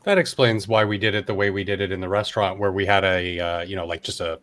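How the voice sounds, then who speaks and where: A man who works as a professional chef, chatting casually over a video call in a halting, rambling way. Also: sits low, fairly even intonation, a bit bright. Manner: hesitant, rambling with restarts. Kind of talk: casual chat.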